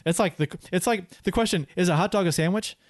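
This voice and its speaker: A man's voice: high voice, fast talker, no echo, studio quality. A man co-hosting a casual hockey podcast, rambling with many restarts. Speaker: podcast co-host.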